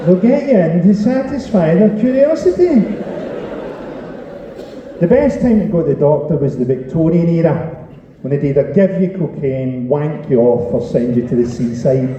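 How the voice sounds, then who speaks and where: A stand-up comedian on stage at a live comedy venue works the crowd, sweary, caustic and sardonic as he teases the audience. His slightly high, expressive voice moves at a moderate pace, and the live sound is dull, distant and noisy with heavy reverb. Audience laughter and chatter fill the background.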